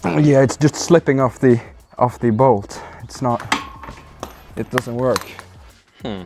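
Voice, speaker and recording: A man's voice: mid-range voice, moderate pace, a little mellow, soft background music. A man talking to himself as he works on his car, muttering, swearing and grunting with effort in casual self-talk. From Sweden. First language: Swedish. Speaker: car-project vlogger.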